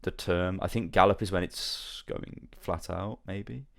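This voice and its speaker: A man hosting a casual podcast, telling a rambling, animated story and swearing freely. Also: deep voice, measured pace, gravelly. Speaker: podcast host. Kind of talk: casual chat.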